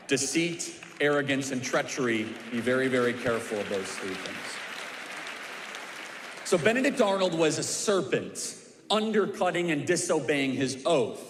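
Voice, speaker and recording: A man telling a history story to a church crowd with emphatic, repeated punchlines. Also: fairly high pitch. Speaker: speaker at a church civics event. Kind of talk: preaching a history story to a live audience. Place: large church auditorium. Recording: echoey hall with long reverb.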